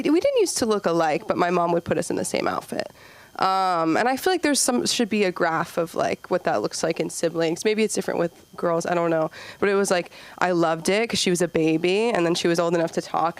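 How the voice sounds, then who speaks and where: A woman in her twenties doing a rambling stand-up set at an open mic, acting out kids in squeaky voices. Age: 20s. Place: comedy club stage.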